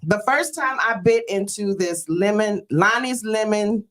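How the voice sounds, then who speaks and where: A woman's voice: medium pitch, measured pace, a bit bright. A woman from Detroit hosting a talk show, telling stories in an earnest, emotional way with many fillers. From Detroit, USA. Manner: earnest, storytelling, with frequent fillers; exclaims praise like a church greeting. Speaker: host.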